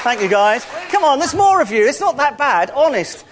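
High-voiced, playful church speaker. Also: male voice, sing-song, moderate pace, a faint crowd, a little hiss or hum. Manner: playful, joking, calls out loudly to the room. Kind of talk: interactive sermon with the congregation.

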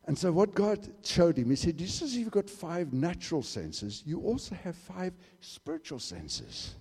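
A man preaching a sermon and telling a story, swinging from hushed asides to shouted exclamations. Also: fairly high pitch, big pitch swings, a little slow, breathy edge. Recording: long hall reverb.

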